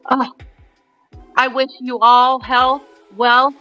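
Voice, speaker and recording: A woman's voice: high-pitched, pushed and bright, highs cut off. A woman hosting a casual livestream chat with her viewers. Her throat is sore and scratchy, and she swears freely and blows kisses to the chat. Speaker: livestream host.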